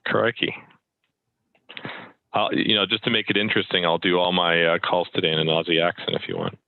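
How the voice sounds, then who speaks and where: A man making a live cold sales call, upbeat and persistent as he pitches. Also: a little fast, gravelly, no room sound. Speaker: sales caller. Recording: tinny phone-like audio, dry.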